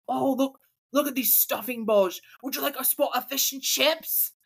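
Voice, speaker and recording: Woman doing a hammy fake British bloke, gushing about takeaway, drawn-out, over the top. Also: a little high, a bit bright, husky, pitched above the performer's own voice, exaggerated voice. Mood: gushing mockery. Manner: exaggerated hammy put-on accent, drawn-out gushing.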